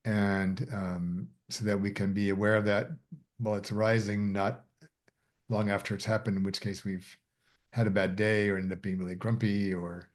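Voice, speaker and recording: A middle-aged man facilitating a coaching session, speaking softly and haltingly with many fillers. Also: lowish voice. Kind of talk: reflective group discussion.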